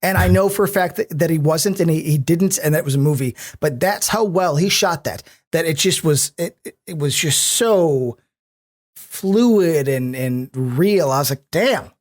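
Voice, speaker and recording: A man's voice: a little high, moderate pace. A man co-hosting a podcast in casual movie chat, joking and enthusiastic, often repeating words. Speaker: podcast co-host.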